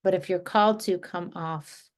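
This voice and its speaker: Relaxed woman leading a group call. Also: on the low side, normal speed. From New Jersey, USA. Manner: relaxed, rambling, with frequent restarts. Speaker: energy healing group facilitator. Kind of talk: casual guided group talk. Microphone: video call.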